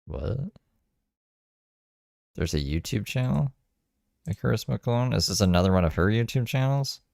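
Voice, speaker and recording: A man's voice: lowish voice, lively intonation, unhurried, gravelly, darkish tone, no room sound, clean studio sound. A man giving rambling, wry commentary on a live stream he is watching. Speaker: streamer reacting to another stream.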